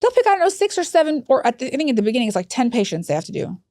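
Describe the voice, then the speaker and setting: Animated woman telling stories, dry sound. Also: rapid-fire, no echo. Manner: animated, acts out quoted voices with big pitch jumps. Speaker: hospice executive guest. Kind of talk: podcast interview storytelling.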